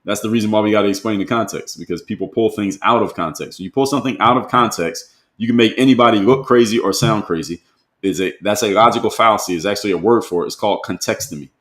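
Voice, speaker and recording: Talking fast in a lowish, slightly bright voice, this livestream host reads out comments from viewers and responds in a chatty way. He keeps repeating rhetorical questions, and the recording carries a roomy echo.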